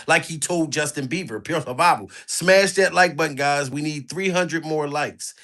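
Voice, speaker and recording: A man giving mocking, animated comic commentary on a clip and pushing viewers to like the video. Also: a little high, normal speed, few pauses. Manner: animated, mocking, begs for likes. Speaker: commentary vlogger.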